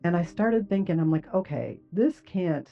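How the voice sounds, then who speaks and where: A middle-aged woman with a deep, fry-laced voice shares her story in an earnest, reflective way, peppering it with casual fillers. The audio is slightly muffled and lo-fi, with soft music faintly behind her. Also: animated, normal speed. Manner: earnest, reflective, many "like" and "you know" fillers. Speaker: guest recounting a near-death experience. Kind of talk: personal spoken testimony.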